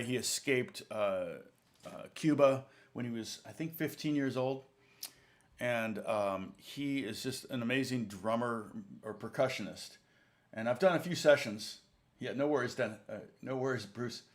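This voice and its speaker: Male guitar teacher, mid-pitched voice, loose anecdotal delivery, stops often to correct himself. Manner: rambling, self-correcting, chuckling anecdote. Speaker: guitar teacher and channel host. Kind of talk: casual storytelling in a lesson.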